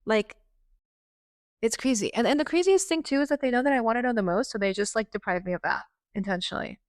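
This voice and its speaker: A woman's voice: fairly high pitch, fast, no echo, studio quality. A young adult woman hosting a podcast, venting in a raw, exasperated personal monologue with frequent swearing. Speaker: podcast host.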